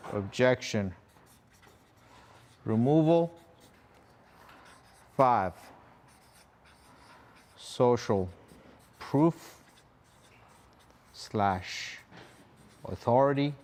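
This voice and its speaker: A man's voice: medium pitch, animated, drawn-out words, pauses often, darkish tone. Methodical male marketing instructor. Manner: methodical, walks through a numbered list. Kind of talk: live teaching presentation.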